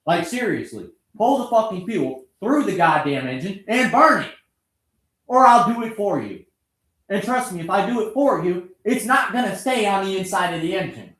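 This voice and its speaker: Animated and high-pitched, with a fairly bright tone and moderate pace, this man sounds like he's in a roomy space. As a vlogger wrenching on his motorbike, he talks to the camera in an angry, sarcastic, profane rant against an engine that won't start, a bit breathless throughout.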